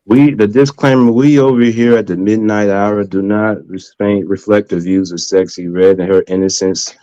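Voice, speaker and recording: A man's voice: lowish voice, fairly even intonation, normal speed, mellow, no echo, muffled recording. A man hosting a casual podcast chat, laid-back and slangy, often tagging his points with "you know what I'm saying". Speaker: podcast host.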